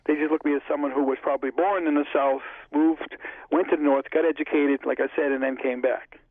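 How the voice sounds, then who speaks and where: A man's voice: on the high side, fairly even intonation, quick pace, no room sound. A man being interviewed, telling stories in a chatty way and acting out past conversations line by line. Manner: chatty, retells conversations in dialogue. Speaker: interview guest, filmmaker. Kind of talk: casual storytelling interview. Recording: dry, phone-like line.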